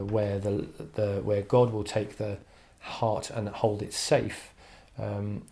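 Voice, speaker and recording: A man teaching an English literature lesson online, talking thoughtfully with frequent "um"s and restarts. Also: on the low side. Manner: thoughtful, hesitant with frequent fillers.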